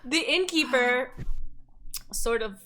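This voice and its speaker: A woman narrating a tabletop game as game master, playful and joking, doing quick voices for townsfolk. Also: sits high, animated, bright, forceful tone.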